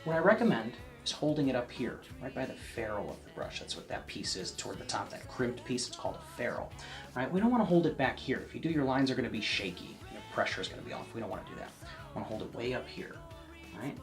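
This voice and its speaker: Animated chatty man teaching painting. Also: mid-range voice, fast talker, faint music behind. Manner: chatty, keeps checking in with the viewer; drops to a soft near-whisper while working. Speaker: painting instructor. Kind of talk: casual painting tutorial.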